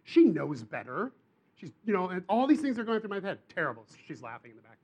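A man preaches, his voice sitting a little higher than most. He tells his story in an animated way, pushing up into emphatic bursts. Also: fast talker, husky, dull audio. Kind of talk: sermon.

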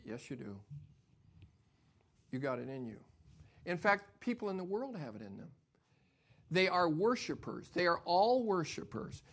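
An older man preaches a sermon in a church. His voice is gravelly and bright, pitched a little high for a man. He drops into hushed, breathy asides, then builds to loud, emphatic preaching. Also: big pitch swings, moderate pace, pauses often. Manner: swings from soft near-whispers to loud emphatic preaching. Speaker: pastor.

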